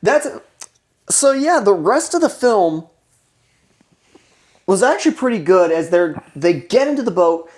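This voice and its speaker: A woman co-hosting a casual movie review chat, talking in an animated, chatty way. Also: medium pitch, unhurried, pauses often.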